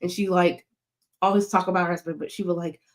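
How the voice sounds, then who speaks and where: A woman's voice: on the low side, flat delivery, fast. A young woman chatting casually, rambling with lots of fillers. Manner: rambling, filler-heavy, giggly. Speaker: co-host. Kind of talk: casual chat.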